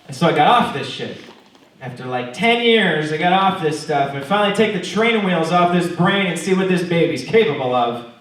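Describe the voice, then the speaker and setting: A man's voice: fairly high pitch, lively intonation, moderate pace, a bit bright. A man doing a stand-up comedy set, telling stories in a profane, mock-earnest way. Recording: very echoey room, mic far off.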